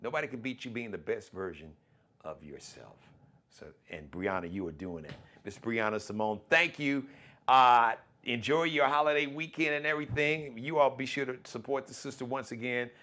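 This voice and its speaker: A man hosting his own live-streamed talk show, speaking in in a folksy, animated way, full of shout-outs and plugs. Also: mid-range voice, moderate pace.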